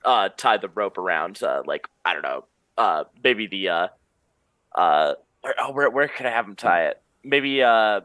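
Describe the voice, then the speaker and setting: A man playing a tabletop game, his low voice bright and forceful. He talks through his moves casually, laughing often. The sound is dry. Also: lively intonation, measured pace, no room sound. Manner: laughs often, speaks in character in bursts. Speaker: player.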